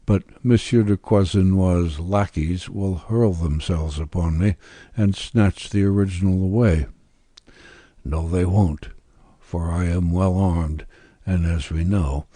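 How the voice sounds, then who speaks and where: A man's voice: deep voice, warm tone, husky, no echo, full character voice. A man reading aloud as a young, ambitious, scheming peasant-born man, bitter and intense, with defiant outbursts. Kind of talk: audiobook character reading.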